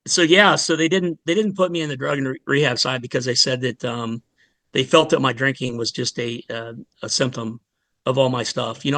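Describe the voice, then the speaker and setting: Fire lieutenant guest, forties, male, mid voice: earnest, halting delivery, recorded dry and close. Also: mid-range voice, sharp tone, no echo. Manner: earnest, halting, with many restarts and fillers. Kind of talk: emotional personal story in a podcast interview.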